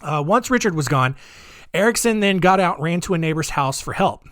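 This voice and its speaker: A man's voice: on the high side, lively intonation, a little fast, a bit bright, dry recording, studio quality. A man hosting a podcast, telling a true-crime story in a rambling, jokey way full of asides. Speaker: podcast host.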